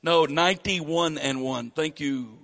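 An older man with a Southern accent preaching a sermon, rising loud and high on key phrases. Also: slow, gravelly. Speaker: pastor.

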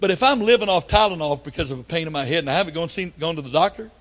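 Folksy older preacher, storytelling sermon. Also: male voice, fairly high pitch, animated, rapid-fire. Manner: folksy storytelling with sudden loud outbursts. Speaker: pastor.

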